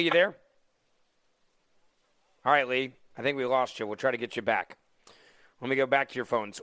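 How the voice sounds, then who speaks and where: A man hosting a talk radio show as fill-in, mocking and animated, taking callers. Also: mid-range voice, no room sound. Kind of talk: opinionated talk radio monologue. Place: radio studio. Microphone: studio microphone.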